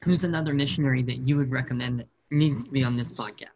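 A man's voice: medium pitch, fast, gravelly, darkish tone, highs cut off. A man hosting a podcast, asking casual interview questions in a friendly, upbeat way. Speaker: podcast host.

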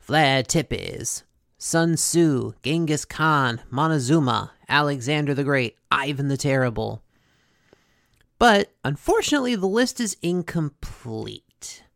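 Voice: medium pitch, dry recording, clean studio sound. A host casually recapping a cartoon episode, chatty, with many fillers and asides.

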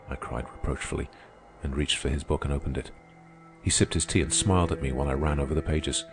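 Deep-voiced man narrating an audiobook. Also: steady tone, fast talker, soft background music.

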